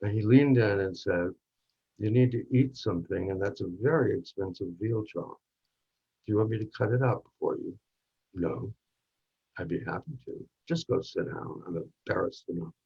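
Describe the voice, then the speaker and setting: A man reads the part of a reflective narrator recounting a night with a film actor in a staged monologue. The voice sits low, with a husky, gravelly texture, and turns intimate and hushed at the tense moments. The recording sounds dull and lo-fi. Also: animated, moderate pace, heavily acted. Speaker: actor in a workshop reading. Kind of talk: dramatic monologue reading.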